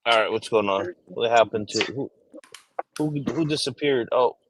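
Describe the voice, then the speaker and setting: A man's voice: mid-range voice, moderate pace, slight background noise. A man hosting a casual chat among growers, loose and profane in his banter. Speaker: host.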